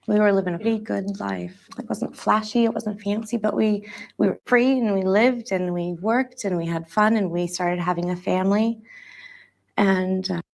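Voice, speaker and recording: A woman giving an interview, speaking in a halting, hesitant way with many restarts as she recounts a personal account. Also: mid-range voice, steady tone, gravelly.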